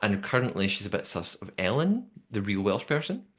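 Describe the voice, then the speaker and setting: Young male podcast host, lowish voice, chatty lively recapper. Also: a little fast. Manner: chatty, lively storytelling with many fillers. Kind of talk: casual recap chat.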